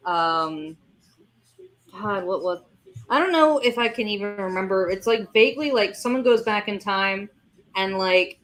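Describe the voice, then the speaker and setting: A woman in casual stream chat, rambling loosely through stories. She swears freely and slips into acted-out quotes. Her pitch sits in the middle. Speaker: webcomic co-creator streaming.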